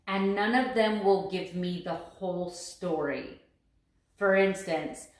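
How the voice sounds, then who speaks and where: A woman's voice: medium pitch, reverberant. A woman talking to camera in a casual daily vlog, earnest and emphatic, stressing her points by repeating phrases. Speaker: vlogger.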